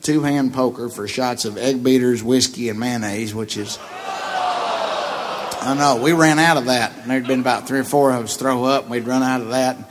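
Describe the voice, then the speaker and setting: A man who is a comedian guest, telling a long anecdote in a profane, laughing, animated way. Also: medium pitch, moderate pace, noisy background. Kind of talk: storytelling anecdote.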